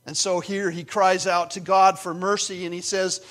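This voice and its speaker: A male pastor preaches an earnest sermon with a slightly high voice. He drops to quiet, confiding asides and then builds back up to emphatic points. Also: level tone, normal speed, few pauses. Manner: earnest, swings from hushed to emphatic.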